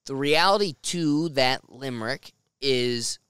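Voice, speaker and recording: A man hosting a relaxed beer-tasting podcast, rambling through long explanations and laughing often. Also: mid-range voice, slow pace, clear, resonant tone, no echo. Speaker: podcast host. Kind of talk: casual chat over beers.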